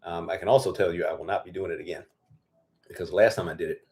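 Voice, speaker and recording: A hoarse male farmer hosting a casual livestream Q&A, blunt and profane, rambling with lots of fillers. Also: low-pitched, fairly even intonation, fast, darkish tone. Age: adult with children. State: losing his voice, hoarse.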